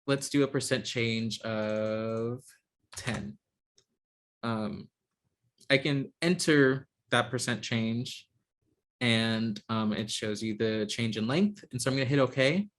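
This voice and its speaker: A man teaching an online software class over a video call, talking in a hesitant way with many ums and restarts. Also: mid-range voice. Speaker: instructor.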